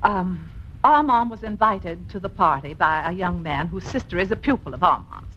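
An actress playing a witty, unruffled wife with an arch, teasing manner, in 1950s radio acting. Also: female voice, on the low side, expressive, moderate pace, a little hiss or hum, lightly acted. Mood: breezy. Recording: dull lo-fi old radio broadcast.

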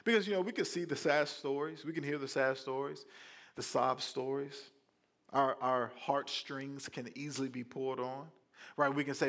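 A male pastor preaching a sermon in a conversational, animated way, with playful asides to the congregation. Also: fairly high pitch, normal speed.

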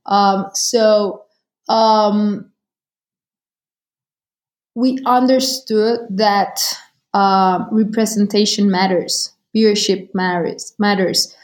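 Woman, measured. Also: medium pitch, fairly even intonation, darkish tone. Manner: measured, with many filler pauses and tag questions. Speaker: football league executive, guest. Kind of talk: interview answers.

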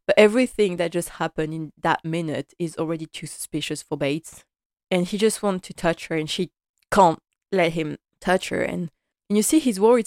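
A woman's voice: on the low side, brisk, a little mellow, dry recording, clean studio sound. A woman giving a casual, impassioned and rambling recap of a TV episode.

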